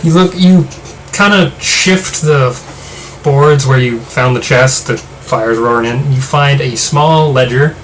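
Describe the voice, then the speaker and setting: Man narrating as game master, halting. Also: medium pitch, a little hiss or hum, poor audio. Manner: loose, halting narration with many fillers.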